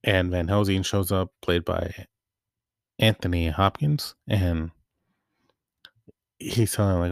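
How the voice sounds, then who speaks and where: A man's voice: deep voice, normal speed, vocal fry, pauses often, dry recording, studio quality. A young man giving a casual, rambling movie recap, often correcting himself mid-sentence. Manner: rambling, self-correcting, relaxed. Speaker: movie vlogger.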